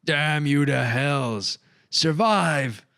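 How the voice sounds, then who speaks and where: A man voicing a male crew leader who yells urgent orders in an audiobook. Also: fairly high pitch, extremely slow, vocal fry, no echo, studio quality, pitched above the performer's own voice, full character voice. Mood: yelling. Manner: yelling orders.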